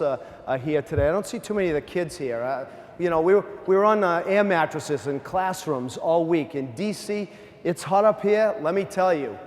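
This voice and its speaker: Chatty priest with a high voice in a reverberant church. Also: male voice. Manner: conversational, asks the congregation questions; animated storyteller with humor. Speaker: pastor. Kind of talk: sermon.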